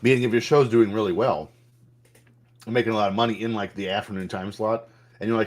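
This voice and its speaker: A man with a somewhat low voice talks through a game's menus in a loose, off-the-cuff way, swearing now and then. He thinks aloud as he clicks around, and keyboard clicks can be heard behind him. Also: fast. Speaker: gameplay streamer. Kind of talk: casual game walkthrough commentary.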